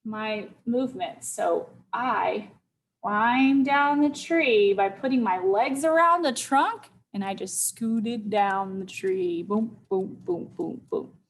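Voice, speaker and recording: A woman teacher tells a simple story to young children at a slow, careful pace. Her voice sits a little high and swoops with lively melody. She checks in often with her listeners, with faint ambient hiss behind her. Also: low-quality recording.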